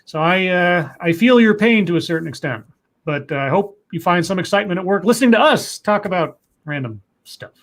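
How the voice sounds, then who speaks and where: A man's voice: high voice, expressive, brisk, fairly bright tone. A man co-hosting a live stream, reading viewer messages aloud and chatting in a rambling way with many restarts. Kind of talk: casual live-stream chat.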